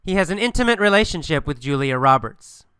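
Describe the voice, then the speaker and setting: A man's voice: fairly high pitch, brisk, clean tone, dry recording, clean studio sound. A man teaching English through a funny mini story, asking and answering simple questions with strong emphasis. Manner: animated, repetitive, emphatic questioning.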